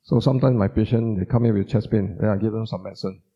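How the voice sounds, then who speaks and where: A man's voice: lowish voice, steady tone, quick pace, husky. A man giving an informal teaching talk, repeating words for emphasis and putting questions to the audience. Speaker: doctor giving a Buddhist talk. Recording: dull lo-fi sound.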